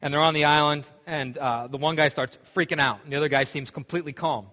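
A man's voice: on the high side, fairly even intonation, fast, sharp tone. A male pastor giving a casual, rambling sermon full of fillers and restarts. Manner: loose, rambling delivery with many fillers and restarts. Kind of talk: sermon with an opening joke. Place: church sanctuary. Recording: long hall reverb.

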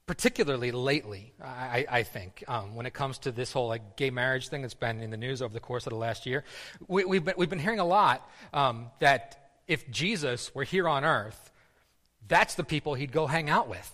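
Preacher, male, mid-pitched, casual sermon delivery with stammered restarts, long hall reverb. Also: moderate pace, pushed and bright. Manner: conversational, repeats words, many fillers.

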